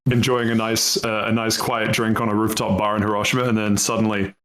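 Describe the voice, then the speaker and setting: A young man with a lowish voice holds forth in relaxed podcast chat. He rambles through his stories with plenty of fillers, chuckles and casual swearing. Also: brisk, rough recording. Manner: rambling, laughs often, swears freely. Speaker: podcast co-host.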